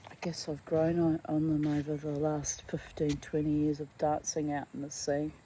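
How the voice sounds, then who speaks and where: Deep-voiced and warm yet monotone, a middle-aged woman vlogger speaks at a moderate pace over a rough recording with a little hiss or hum. Her personal monologue is candid, emotional, and chatty, drifting between subjects, with occasional whispered asides.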